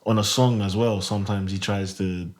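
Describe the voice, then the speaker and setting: A man's voice: fairly low pitch, fairly even intonation, a little mellow. A young man co-hosting a podcast, chatting in an easygoing, slangy way. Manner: easygoing, quick to laugh, slangy. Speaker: podcast co-host. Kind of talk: casual chat.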